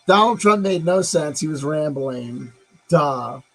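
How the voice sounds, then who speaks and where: Casual male streamer with a slightly higher-pitched voice, rambling and self-interrupting, swears freely. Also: animated, slow pace, creaky, a bit bright, faint music behind, rough recording. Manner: rambling, musing aloud, swearing. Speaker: live-stream host. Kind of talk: casual live-stream commentary.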